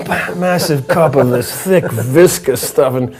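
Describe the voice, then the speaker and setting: A man speaking as an interview guest, telling a reflective story in a halting way, often repeating words and laughing softly. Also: medium pitch, lively intonation, noisy background.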